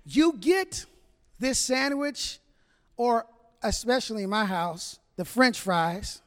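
A pastor with a high, light voice for a man, preaching a humorous sermon in a joking, chatty way. He talks straight to the congregation, teasing the men and the women in turn. His words ring out with the long reverb of a big church hall. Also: expressive, slow pace.

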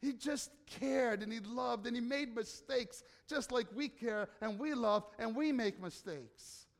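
A man preaching a sermon as pastor, emphatic, asking the listeners rhetorical questions and swinging from soft, slow passages to loud declarations. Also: very high-pitched, big-room sound.

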